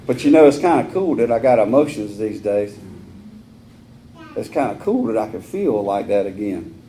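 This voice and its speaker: A man in his forties with a Southern US accent, speaking at a recovery meeting in a folksy, rambling way with rough humor. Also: fairly low pitch, very animated, normal speed, dark tone, a little hiss or hum. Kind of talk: personal recovery talk.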